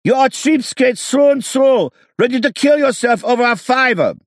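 A man voicing a greedy driver who screeches in falsetto and shouts. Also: a little slow, vocal fry, no room sound, clean studio sound, heavily acted. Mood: furious. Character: greedy shrieking male driver.

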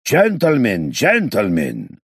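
A man's voice: low voice, expressive, moderate pace, darkish tone, breathy edge, dry recording, clean studio sound, full character voice. A man playing a formal, reflective hotel owner. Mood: bellowing. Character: man who runs a remote hotel, reflective.

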